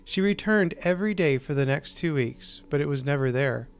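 A man hosting and narrating a short story, reading in a measured, deliberate way with slowed pauses. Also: fairly high pitch, animated, clear, resonant tone. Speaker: host and narrator.

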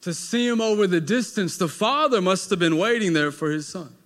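A male pastor preaching a sermon with dramatic storytelling, swinging between loud emphasis and hushed moments. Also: high-pitched, expressive, normal speed, few pauses.

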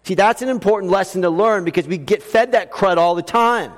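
A man preaching a sermon as pastor, telling stories with humor and a lively, conversational manner. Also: high-pitched, brisk. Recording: long hall reverb.

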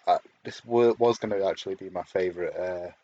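Hesitant low husky male co-host. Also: brisk, warm tone, highs cut off. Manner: hesitant, many restarts and fillers. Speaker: podcast co-host. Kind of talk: casual episode review chat.

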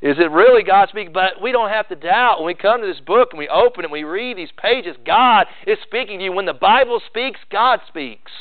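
A pastor preaching a sermon earnestly, mixing rising emphasis with conversational asides. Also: male voice, high voice, lively intonation, a little fast, few pauses, dry recording. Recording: dry tinny phone-like sound.

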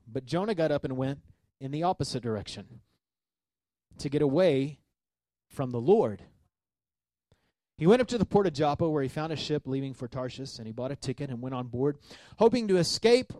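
A man preaching a sermon as pastor, reading scripture and commenting with animated asides. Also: medium pitch, a little fast, long pauses, dry recording. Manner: animated, acts out the sailors' voices.

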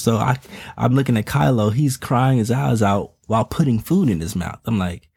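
A man's voice: mid-range voice, moderate pace, gravelly, a little mellow, breathy edge, no echo. A father of twin toddlers speaking in a casual, earnest monologue. He uses slang and repeats words as he talks. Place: home in Texas.

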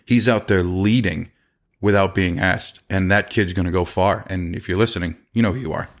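Man, middle-aged, very low voice, podcast host, casual storytelling, laughs often. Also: fairly even intonation, moderate pace. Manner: conversational, laughs often, acts out quoted dialogue. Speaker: podcast host and business owner.

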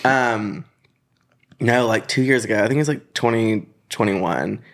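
A man's voice: on the low side, unhurried, a bit bright. A man who is a guest on a podcast, telling stories in a playful, giggly way during casual chat.

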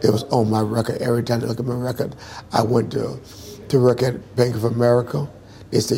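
A man's voice: medium pitch, flat delivery, normal speed, vocal fry, a little mellow. A man in his sixties, interviewed, telling a hard personal story earnestly and emphatically, acting out what people said. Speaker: interviewee, singer.

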